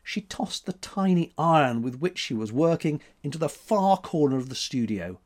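A man reading a story aloud in measured, expressive narration. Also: fairly high pitch. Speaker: audiobook narrator. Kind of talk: scripted narration.

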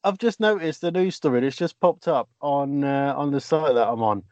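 A man's voice: medium pitch, normal speed, music in the background. A man co-hosting a podcast, chatting in casual banter with many fillers and restarts. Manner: jokey, hesitant with fillers. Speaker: podcast co-host. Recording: dull lo-fi sound.

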